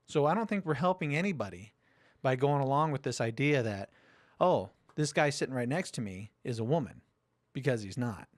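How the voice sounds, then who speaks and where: A man's voice: mid-range voice, lively intonation, fairly quick, no echo, clean studio sound. A man hosting a casual podcast chat, retelling a story in a loose, profane way. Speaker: podcast host.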